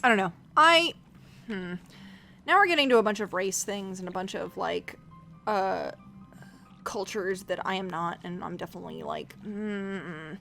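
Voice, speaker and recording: A woman streamer talks through her game in a loose, rambling way, swearing freely and turning animated when she mimics other people. Her voice sits at a middling pitch for a woman. Game music plays faintly behind her. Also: unhurried, vocal fry. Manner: rambling, profane, animated, acts out quoted voices. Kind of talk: casual live-stream chat while playing.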